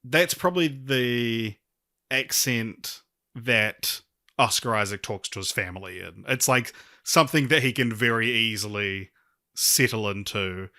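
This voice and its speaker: A man's voice: mid-range voice, a little slow, pushed and bright, dry recording, clean studio sound. A man co-hosting a film podcast, speaking hesitantly with frequent restarts. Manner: hesitant, restarts a lot, laughs easily. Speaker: podcast co-host. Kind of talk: casual film-review chat.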